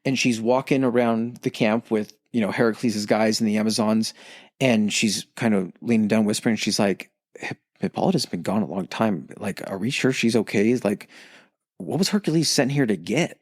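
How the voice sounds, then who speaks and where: A man casually retelling a myth on a podcast, swearing freely and slipping into quick character voices. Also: fairly low pitch, dry recording, clean studio sound. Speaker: podcast co-host. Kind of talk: casual storytelling chat.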